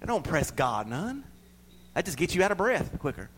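A middle-aged man preaching a sermon, swinging between loud pleading and soft near-whispers. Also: on the high side, very animated, a little fast, breathy edge.

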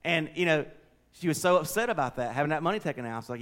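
A middle-aged man preaching a folksy, conversational sermon, swinging between loud and quiet. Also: a little high, expressive, very fast. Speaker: pastor.

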